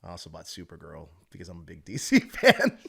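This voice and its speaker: Animated man in casual podcast chat. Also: low-pitched, vocal fry, breathy edge. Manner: animated, jokey, quick to put on silly voices. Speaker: podcast host.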